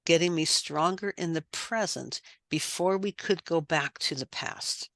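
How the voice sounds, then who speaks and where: Unhurried and earnest, this middle-aged life coach shares her own story on a podcast in a lowish, slightly bright voice with no echo. She leans on repeated phrases to drive her points home.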